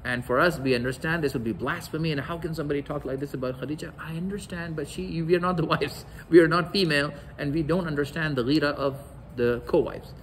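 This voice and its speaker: A man's voice: on the high side, fast, few pauses, slight background noise, low-quality recording. A man giving a religious lecture, telling stories and acting out the quoted dialogue. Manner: storytelling, acts out quoted dialogue.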